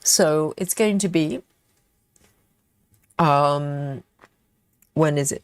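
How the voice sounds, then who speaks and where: Woman host, relaxed stream chat, low-ish voice, dry close mic, chatty with fillers. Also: takes it slowly, pauses often, clear, resonant tone, dry recording. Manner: chatty, relaxed, many fillers, eating chocolate while talking. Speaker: cross-stitch livestream host. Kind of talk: casual livestream chat.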